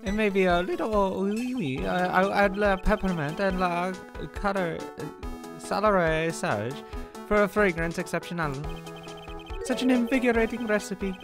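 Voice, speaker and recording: A man's voice: high voice, measured pace, over music, pitched above the performer's own voice. A man voicing a flamboyant male French restaurant owner in a put-on mock French accent, gushing and theatrical. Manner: theatrical, gushing, sing-song.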